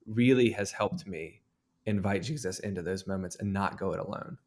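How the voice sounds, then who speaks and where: A man's voice: deep voice, normal speed, darkish tone. A man in his thirties, an author and guest, telling a story in an earnest, reflective way. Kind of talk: conversational interview.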